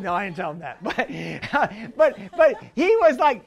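A man preaching a sermon as pastor, repeating himself, chuckling through anecdotes and building to shouts. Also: high voice, sing-song, measured pace, vocal fry. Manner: repetitive, rising to shouts at the congregation; conversational, tells anecdotes with chuckles.

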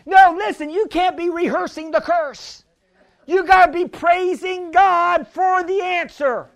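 A pastor preaching a healing sermon, fervent and often shouting, calling for responses from the congregation. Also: male voice, extremely high pitch, fairly even intonation, measured pace, creaky.

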